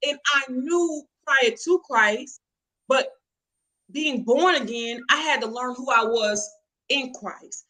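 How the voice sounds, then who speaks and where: A woman's voice: high-pitched, takes it slowly, sharp tone, poor audio. A woman, an interview guest telling her story in an emphatic, preacherly way and calling out to listeners. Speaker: interview guest, catering business owner. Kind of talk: testimony-style storytelling.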